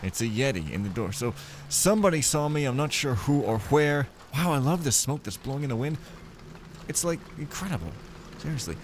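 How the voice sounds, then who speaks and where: A man's voice: medium pitch, animated, fairly quick, slight background noise. A man giving casual, rambling commentary while playing a stealth game, joking to himself as he goes. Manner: playful, rambling, jokey asides. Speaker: let's play gamer.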